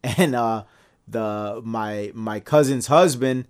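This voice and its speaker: A man co-hosting a casual podcast discussion, talking in animated bursts with many restarts and pitch jumps when he makes a point. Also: takes it slowly, smooth. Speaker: podcast co-host.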